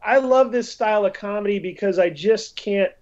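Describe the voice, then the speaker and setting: A man in casual conversation, talking in a halting, thoughtful way and repeating his words. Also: high-pitched, a little mellow. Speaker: podcast co-host. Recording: dull lo-fi audio.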